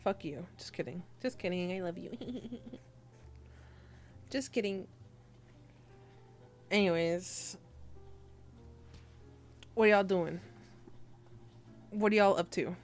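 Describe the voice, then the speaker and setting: A woman's voice: medium pitch, slow pace, long pauses, faint music behind. A young woman streamer chatting casually with her viewers, teasing and giggling as she reads the chat aloud.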